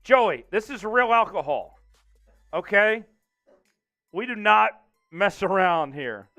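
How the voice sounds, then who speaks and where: A man hosting a casual sports livestream, reading out viewer donations, excitable and laughing often. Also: high-pitched, slow, faint music behind. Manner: excitable, reads out super chats, laughs often. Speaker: livestream host.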